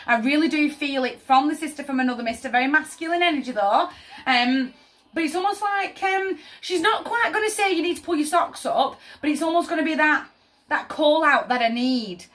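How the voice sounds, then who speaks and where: A woman's voice: high voice, a little fast, a bit bright. A woman giving a casual tarot reading, chatty and emphatic, often checking in with her listener. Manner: chatty, emphatic, often asks "does that make sense?". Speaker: tarot reader.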